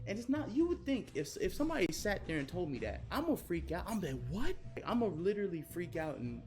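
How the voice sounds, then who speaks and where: A man telling a story in a rambling, animated way, often repeating his phrases. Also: sits high, a little fast, few pauses, music in the background. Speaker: streamer. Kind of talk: casual storytelling.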